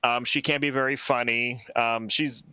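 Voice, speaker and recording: A man's voice: medium pitch, steady tone, moderate pace, sharp tone, clear, resonant tone, no room sound. A man co-hosting a casual podcast chat, earnest and teasing. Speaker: podcast co-host.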